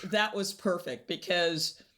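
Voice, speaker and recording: Slow, animated woman telling stories. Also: lowish voice. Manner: animated storyteller, laughs often, acts out quotes. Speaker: guest. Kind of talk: conversational interview storytelling.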